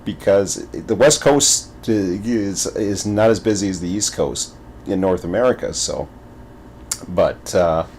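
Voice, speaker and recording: Speaking in a deep, unhurried voice over a faint hiss or hum, this male gaming video creator delivers loose commentary full of rambling, repeated words and stumbles. His storytelling is lively and playful.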